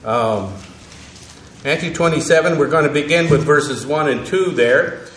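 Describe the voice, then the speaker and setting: A man teaching an evening Bible lesson, halting, with frequent fillers and self-corrections. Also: a little high, fairly bright tone, slight background noise. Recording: echoey room.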